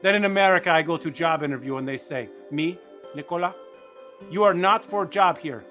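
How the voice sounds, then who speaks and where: A man's voice: on the high side, a little fast, bright, forceful tone, soft background music. A man putting on a mock Russian accent to play a boastful middle-aged immigrant speaking broken English.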